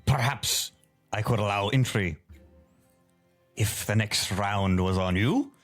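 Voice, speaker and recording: A man's voice: on the low side, takes it slowly, fairly bright tone, faint music behind. A man voicing a small, self-important gnome man who acts as a bouncer. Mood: pompous.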